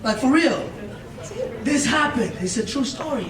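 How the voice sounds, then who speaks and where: Man, motivational speaker, very high voice, emphatic and repetitive, echoey room, mic far off. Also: animated, unhurried, crowd noise. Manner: emphatic, repetitive, asks listeners questions. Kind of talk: storytelling speech to young listeners.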